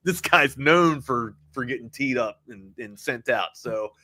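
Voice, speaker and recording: A man's voice: mid-range voice, expressive, measured pace, bright, forceful tone, no echo. A man co-hosting a live sports talk stream, talking loosely with plenty of filler words. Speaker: sports talk show co-host.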